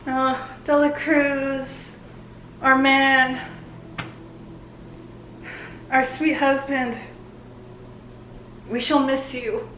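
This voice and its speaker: Excitable high-voiced woman reviewing a series. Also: drawn-out words, long pauses, roomy sound, slight background noise, rough recording. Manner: excitable, talks back to the screen, laughs often. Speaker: book reviewer reacting to a series. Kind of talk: casual reaction and review.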